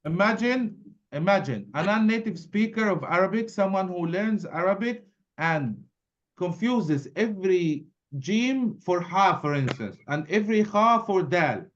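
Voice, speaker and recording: A man's voice: sits high, animated, a little slow, dull audio, a little hiss or hum. A man teaching an adult English speaking class, explaining at length and repeating key points.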